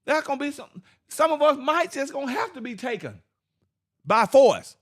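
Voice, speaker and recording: High-pitched guy with teaching bible, lots of "y'all see that?" and laughing. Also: expressive, a bit bright. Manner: preachy, rhetorical questions, laughs, reads verses slowly. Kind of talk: informal scripture teaching to an online audience.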